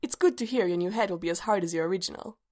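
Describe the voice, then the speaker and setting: A woman voicing a calm, quiet male soldier in a storybook reading, focused and low-key. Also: racing, natural voice.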